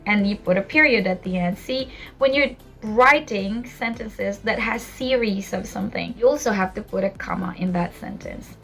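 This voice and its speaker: A woman's voice: mid-range voice, moderate pace, creaky, hardly any pauses, a bit bright, soft background music. A young woman from the Philippines teaching an English lesson, explaining patiently with spoken examples.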